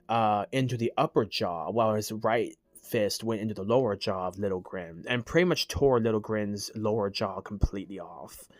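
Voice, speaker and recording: A man's voice: lowish voice, fairly bright tone, no echo. A man casually explaining his characters' story, hesitant and full of restarts. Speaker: creator telling his character lore.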